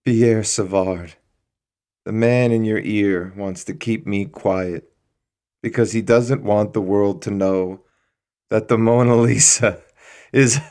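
A man voicing a desperate aging art restorer who speaks slowly and theatrically. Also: lowish voice, warm tone, voice pushed up. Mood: bitter. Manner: theatrical, slow and declaiming.

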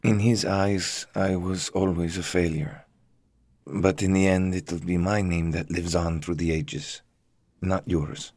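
A man voicing a menacing, resentful male betrayer who speaks low and controlled with quiet bitterness. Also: little pitch movement, slow, dry recording, heavily acted. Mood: bitter.

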